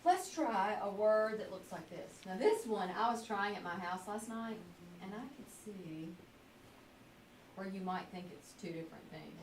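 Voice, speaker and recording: A woman's voice: mid-range voice, animated, measured pace. A woman teacher leading a phonics lesson, asking patient questions and stretching out words as she models them. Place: classroom. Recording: echoey classroom from a distance with faint hiss.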